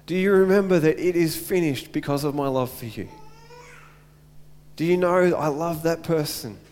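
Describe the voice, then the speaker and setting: A preacher doing a gentle, patient God voice, soft and reassuring, fairly high for a man, long church reverb. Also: normal speed, natural voice.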